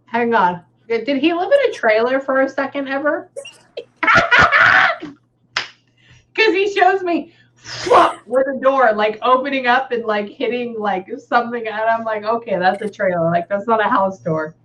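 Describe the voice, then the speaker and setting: A woman with a Texan accent, a medium in a casual reading session, chatting and relaying messages, often pausing to say "hang on". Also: a little high, expressive. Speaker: psychic medium. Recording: slightly dull audio with faint background noise.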